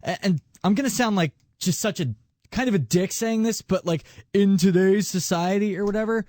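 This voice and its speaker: A radio co-host with a high-pitched male voice talks in a frank, plain-spoken way, offering blunt comfort. The studio sound is dry and close to the mic. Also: normal speed, darkish tone, dry recording. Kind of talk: radio talk.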